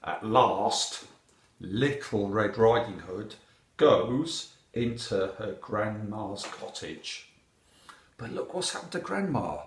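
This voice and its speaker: Slow, animated man reading a picture book. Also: on the low side, reverberant. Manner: animated, asks the listener questions. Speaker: storyteller.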